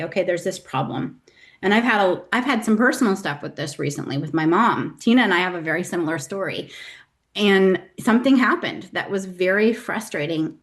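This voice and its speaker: A woman in her forties hosting a motivational talk for her business team, speaking earnestly and with emphasis, sometimes acting out her own inner voice. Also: mid-range voice. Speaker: host, business coach.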